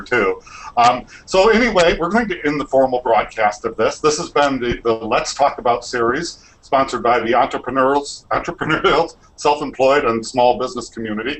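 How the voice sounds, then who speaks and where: A man's voice: medium pitch, a bit bright, poor audio. Easygoing man hosting a web chat. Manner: easygoing, rambling, self-mocking. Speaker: host of a web discussion series. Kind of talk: casual video call discussion. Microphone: video call webcam.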